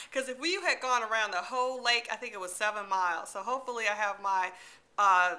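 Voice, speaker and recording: A middle-aged woman from Detroit, a library storyteller telling a chatty story, animated and quick to laugh, acting out her own lines. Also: mid-range voice. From Detroit, USA.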